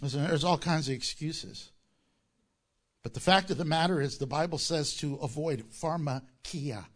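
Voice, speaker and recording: A man preaching a sermon as pastor, animated and joking, often laughing at his own lines. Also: a little high, moderate pace.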